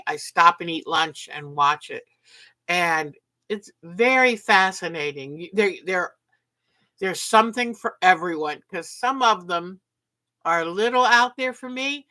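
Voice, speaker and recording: A woman with a lowish, bright, forceful voice hosts a casual livestream, chatting and enthusiastically reading viewer comments. She sounds sleepy and yawns along the way.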